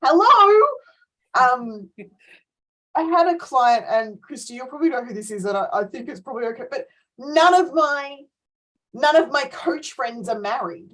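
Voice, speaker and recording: A middle-aged woman coach talking in a casual group discussion, animated and ranting, often laughing between points. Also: high voice, normal speed, poor audio.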